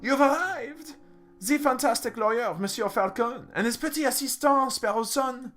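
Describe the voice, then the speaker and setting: A man voicing a sweet, naive young female cat noble in a game, in a high, bubbly tone. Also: normal speed, fairly bright tone, soft background music. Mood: excited.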